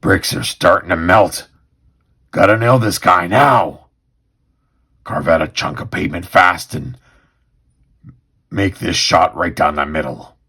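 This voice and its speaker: Gruff, sardonic mutant loner, gravelly and deep, terse inner-monologue delivery, read by a man. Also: unhurried, long pauses, pushed and bright, heavily acted. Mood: urgent. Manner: terse, wry tough-guy inner monologue.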